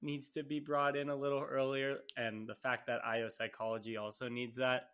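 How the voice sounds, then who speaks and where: A young man co-hosting a podcast, talking in a relaxed, rambling way with many fillers. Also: medium pitch, moderate pace, clean tone. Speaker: podcast co-host. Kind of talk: casual interview conversation.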